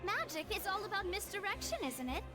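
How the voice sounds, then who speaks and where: A woman's voice: extremely high pitch, big pitch swings, a little fast, music in the background. An actress voicing a confident, playful young woman in a video game, speaking in a coaxing, theatrical way.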